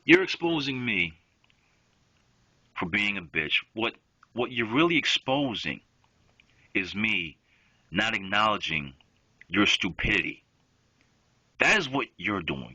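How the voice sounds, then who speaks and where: A man's voice: on the low side, sing-song, measured pace, pauses often, pushed and bright, no room sound. A young man, an online gamer, delivering a profane, confrontational rant straight at a rival. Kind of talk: angry rant to camera. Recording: dull lo-fi home recording.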